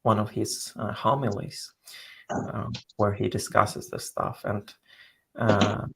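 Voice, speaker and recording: Slow, gravelly man explaining at length. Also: on the low side, flat delivery, a little hiss or hum. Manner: halting, searching for words, explanatory. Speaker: guest scholar. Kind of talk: scholarly interview talk.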